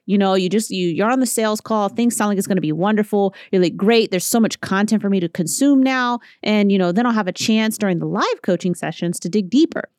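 A woman in her thirties hosting a podcast, telling stories in a casual, animated way and acting out what people said. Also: medium pitch, fairly quick, hardly any pauses, no echo, studio quality. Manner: chatty, animated storytelling with acted-out quotes. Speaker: podcast host. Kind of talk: casual solo podcast talk.

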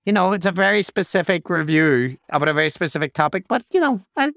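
Wry male podcast host, clear dry voice. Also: high-pitched, lively intonation, a bit bright, no echo. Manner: wry, joking, quick asides. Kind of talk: casual chat, reading listener reviews.

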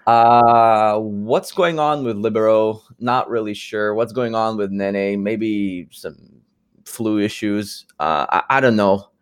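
A man co-hosting an esports talk show, giving loose casual analysis with fillers and quick asides. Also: fairly low pitch, smooth. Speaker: esports podcast co-host. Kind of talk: casual chat.

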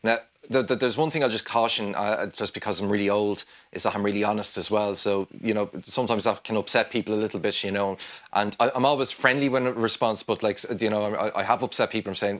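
A man with an Irish accent, talking as a guest guitarist in a casual interview, rambling and animated with many restarts. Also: fairly low pitch, quick pace. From Ireland.

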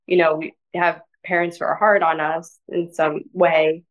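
A woman speaks as a guest on a podcast, her voice sitting a little low. Her talk is gentle and soft-spoken but rambling, packed with "like" and "you know" as she works through her thoughts. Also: little pitch movement, unhurried, muffled recording. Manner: rambling, filler-heavy with frequent "like". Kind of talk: casual interview conversation.

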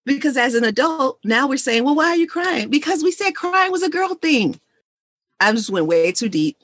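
Woman guest, money coach, husky and fairly high, animated and emphatic, dry close sound. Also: normal speed, dry recording. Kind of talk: conversational interview.

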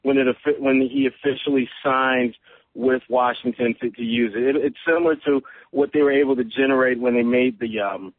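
A man, a guest sports reporter, giving measured, analytical answers on a podcast. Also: mid-range voice, dry recording. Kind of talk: sports talk podcast interview. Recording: phone line.

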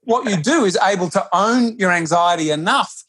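A man who teaches yoga, speaking in a relaxed conversation and often restarting his sentences or acting out quotes. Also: high voice, normal speed, breathy edge. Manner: animated, with frequent restarts and acted-out quotes. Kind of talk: casual conversation.

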